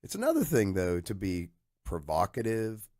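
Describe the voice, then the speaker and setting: A man hosting a podcast interview, making thoughtful, measured remarks. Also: on the low side, huge pitch swings, a little mellow, dry recording, studio quality. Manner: thoughtful, measured remarks with frequent listening sounds. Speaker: podcast host. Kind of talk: casual interview chat.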